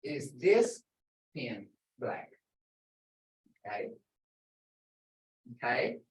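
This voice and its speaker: A woman's voice: very deep voice, very animated, drawn-out words. An older woman teaching a language lesson, stretching out example words for emphasis. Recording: echoey room, voice far from mic.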